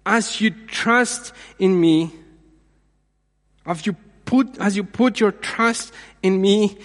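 A man with a high voice preaches slowly, pausing and repeating his phrases for emphasis. His sermon rings out with the long reverb of a large hall. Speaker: pastor.

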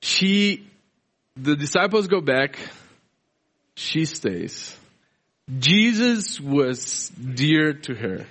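A male preacher from South America explains scripture in an unhurried, conversational sermon. His voice sits a little high, and he often restarts his phrases as he thinks aloud. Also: very animated, fairly bright tone.

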